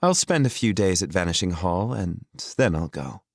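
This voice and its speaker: A man's voice: sits low, sing-song, moderate pace, dry recording, clean studio sound, heavily acted. A man voicing a wry, composed young woman in an audiobook.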